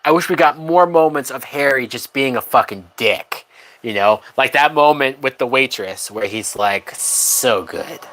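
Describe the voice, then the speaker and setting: A woman's voice: extremely low pitch, moderate pace, fairly bright tone. A woman hosting a live movie watch-along, talking bluntly with frequent swearing and laughter. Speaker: movie reaction host.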